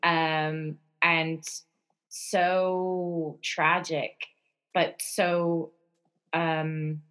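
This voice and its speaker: A woman co-hosting a podcast in casual chat, talkative and quick to laugh, given to rambling asides. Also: low voice, level tone, a bit bright, low-quality recording. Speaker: podcast co-host.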